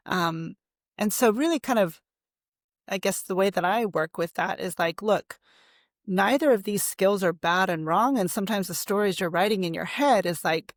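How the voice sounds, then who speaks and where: A woman's voice: mid-range voice, normal speed, no room sound, clean studio sound. A woman as a therapist guest on a podcast, explaining with fillers and rhetorical questions. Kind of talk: conversational explaining.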